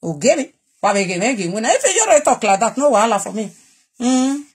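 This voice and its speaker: A defiant woman from Edo State, Nigeria, vlogs a direct-to-camera live rant in a slightly high, sing-song voice with a breathy edge, talking a little fast. She challenges her audience while switching between Pidgin and Edo dialect.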